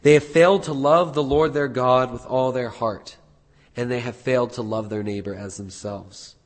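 A man preaching a sermon as pastor, earnest, building to emphatic peaks and dropping low again. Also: a bit bright. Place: church sanctuary. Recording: husky voice in long hall reverb.

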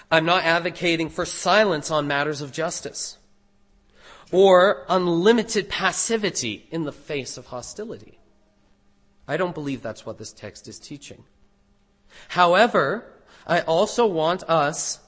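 A man, a pastor, preaching a sermon in an earnest, deliberate way, stressing key phrases. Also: a little high, fairly bright tone.

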